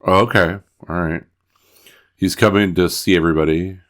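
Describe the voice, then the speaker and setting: Co-host, man with a very deep voice, quick amused reactions. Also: fairly even intonation, fairly bright tone. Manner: reactive, short amused replies. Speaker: podcast co-host. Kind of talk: casual podcast chat.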